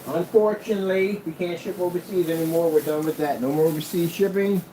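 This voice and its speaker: A man's voice: on the high side, fairly even intonation, brisk, dark tone, a little hiss or hum. A middle-aged man vlogging at home off the cuff, blunt and combative as he runs his small business talk. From United States. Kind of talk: casual unscripted vlog.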